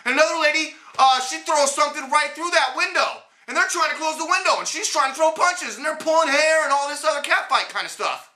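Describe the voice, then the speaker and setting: A man's voice: extremely high pitch, a little fast, bright, forceful tone, roomy sound. A man hosting a political commentary show, ranting in a blunt, indignant and sarcastic way.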